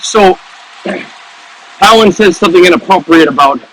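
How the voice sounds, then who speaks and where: A man, an author, casually retelling the plot of his own book in animated, rambling storytelling full of restarts. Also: high-pitched, normal speed, poor audio.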